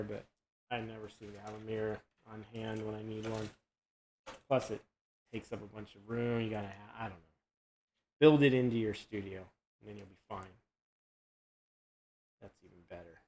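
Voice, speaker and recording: A man casually explaining his sculpting process during a live demonstration, relaxed and rambling as he works. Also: on the low side, poor audio. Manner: relaxed, rambling, self-correcting.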